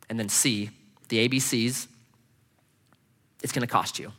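A man preaching a sermon as pastor, animated and casual, acting out quoted speech with slangy asides. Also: mid-range voice, measured pace, long pauses. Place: church sanctuary. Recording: long reverb of a church hall.

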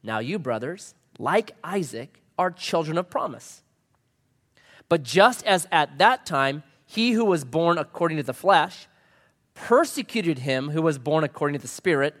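A man in his thirties preaches a sermon with a lively, swinging delivery, acting out every quote he reads. His voice sits a little high for a man, and it rings out with a long reverb, as if it were filling a big church sanctuary. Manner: animated storytelling preacher, acts out quotes. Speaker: pastor. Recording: long reverb of a large hall.

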